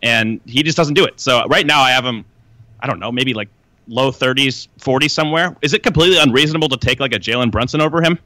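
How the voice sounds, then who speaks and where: Fast-talking man breaking down prospects. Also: mid-range voice, pushed and bright, no echo. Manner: fast, detailed scouting talk. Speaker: podcast guest, draft analyst. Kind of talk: casual basketball draft chat.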